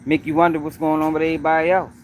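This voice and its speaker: A man racing through his words in a fairly high voice with little pitch movement, against slight background noise. It's his own news commentary livestream, and he stays emphatic, repeats himself, and talks right to his audience.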